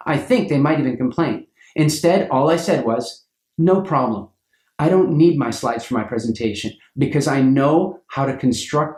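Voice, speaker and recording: A man's voice: darkish tone, reverberant. A man coaching people on public speaking, telling stories and acting out the voices of the people in them. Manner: acts out quoted voices with big pitch jumps. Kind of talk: animated storytelling lesson.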